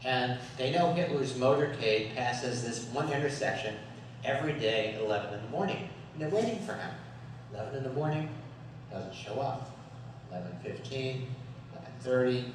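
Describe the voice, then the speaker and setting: A man's voice: medium pitch, lively intonation, normal speed, noisy background. A man giving a humorous talk as guest speaker at a Sunday service, storytelling with jokes and frequent chuckles. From USA. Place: worship hall. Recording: echoey hall from far off.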